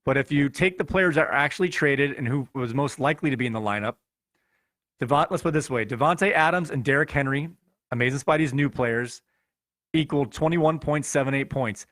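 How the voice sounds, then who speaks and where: A man's voice: medium pitch, fairly quick, a bit bright, dry recording, clean studio sound. A man hosting a fantasy football podcast, giving a jokey, chatty recap and addressing his listeners as guys. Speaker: podcast host.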